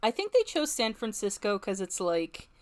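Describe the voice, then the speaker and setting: A woman's voice: mid-range voice, very animated, normal speed. A woman with a mid-range voice co-hosts a casual podcast chat. She mostly chimes in with short, agreeable remarks. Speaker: podcast co-host.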